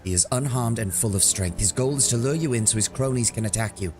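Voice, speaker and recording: A commanding female elf warrior, sharp-tongued and scornful, as a man pitches his voice up to read her lines. The voice sits raised and a touch louder than his usual low tone. She accuses hard in a video game scene. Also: fast talker, music in the background, close to an everyday voice. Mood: urgent. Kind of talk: reading game dialogue aloud.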